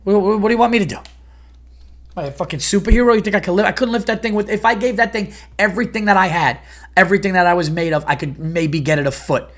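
A man's voice: sits high, quick pace, fairly bright tone. A comedian and podcast host ranting in a heated, profane, exasperated monologue about his day.

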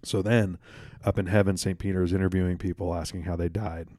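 A man with a fairly low voice rambles through a joke on a casual podcast, stumbling over fillers and restarting his sentences. He swears offhandedly as he goes. The sound is close and dry, with no room around it. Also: level tone, dark tone, no room sound. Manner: rambling, halting storyteller with many fillers and restarts. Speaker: podcast co-host. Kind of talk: casual podcast chat, telling jokes.

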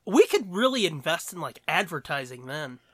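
A man's voice: on the high side, very animated, normal speed, fairly bright tone, no room sound, studio quality. A man co-hosting a podcast in casual chat, rambling and joking, swearing freely and laughing often. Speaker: podcast co-host.

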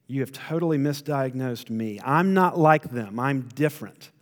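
A man's voice: mid-range voice, normal speed, long reverb tail, lightly acted. A man voicing a proud male disciple who protests that he could never fail. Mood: indignant boasting. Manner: indignant, protesting. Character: proud, boastful male disciple insisting he's different.

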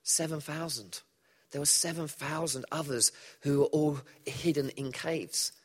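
A man preaching a sermon in a church hall, conversational and animated, often asking the audience questions. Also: fairly high pitch, a little slow, slightly rough. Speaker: pastor.

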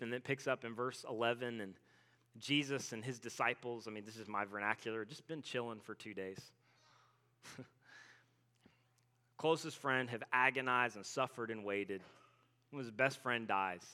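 A man preaching a sermon as pastor. He talks casually, peppers his speech with "like," and acts out biblical characters in everyday speech. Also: mid-range voice. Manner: casual, animated storytelling with frequent "like".

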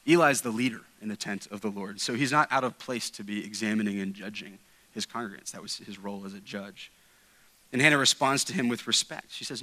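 A man preaches a sermon with a bright, forceful edge to his voice. He talks earnestly and emphatically, circling back on his words and dropping in casual asides as he teaches. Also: lowish voice, fairly quick, rough recording. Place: church sanctuary.

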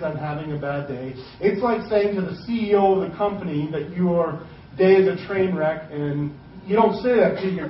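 A man preaching a sermon in a casual, conversational way, slipping into quick acted asides. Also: sits high, a little hiss or hum. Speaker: pastor. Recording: roomy, distant, dull sermon recording.

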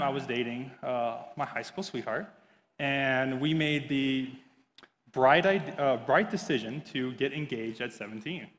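A man's voice: medium pitch, a bit bright. A young man in his twenties, sharing an earnest personal testimony with candid, hesitant storytelling. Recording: long hall reverb.

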